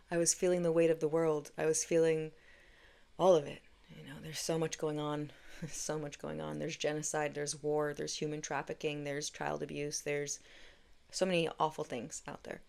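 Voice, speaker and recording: A woman with a deep voice and a gravelly fry shares a reflective spiritual monologue. She speaks earnestly and candidly and swears now and then. Her tone stays low and grounded throughout. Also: darkish tone. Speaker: spiritual podcast host.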